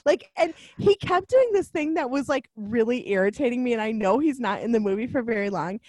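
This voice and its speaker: A young woman in casual chat about a film, animated, laughing often and full of fillers. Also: fairly high pitch, fairly quick, dry recording.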